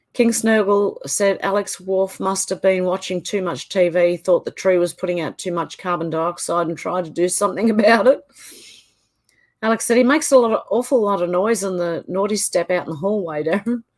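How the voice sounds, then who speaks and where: An Australian woman hosting a casual live stream, reading viewers' comments aloud and reacting to each one. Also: medium pitch. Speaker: channel host.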